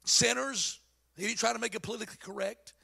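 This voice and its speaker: A male pastor preaching a sermon. He drops to low asides, then shouts his points, and mocks the voices he quotes. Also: little pitch movement, rapid-fire, creaky, breathy edge. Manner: acts out quoted voices mockingly.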